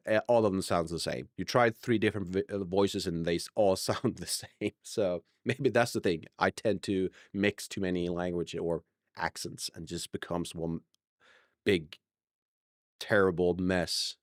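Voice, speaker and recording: Low male voice, casual live-stream chat, rambling, self-correcting, dry sound. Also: dry recording.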